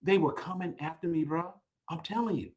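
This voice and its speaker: A man hosting a live podcast, telling a long story with energy, often repeating words and rising in pitch when excited. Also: a little fast, rough recording. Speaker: podcast host.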